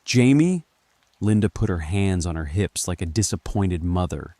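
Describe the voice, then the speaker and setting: A man narrating a scripted horror story in a calm, measured first-person telling. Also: sits low, dry recording.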